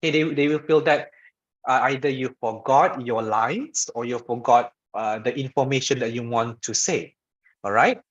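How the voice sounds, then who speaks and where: A man's voice: mid-range voice, moderate pace. Man, informal lecture, conversational, frequent check-ins, lo-fi webinar sound. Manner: demonstrates voice patterns by shifting loud and soft. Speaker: webinar speaker on public speaking. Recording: dull lo-fi webinar audio.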